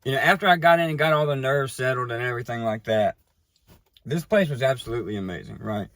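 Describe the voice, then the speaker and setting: A man casually telling a personal story, animated and conversational, often checking in with the listener. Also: medium pitch, quick pace, no echo, studio quality. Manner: animated, tags lines with "right?" and "you know". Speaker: recovery storyteller.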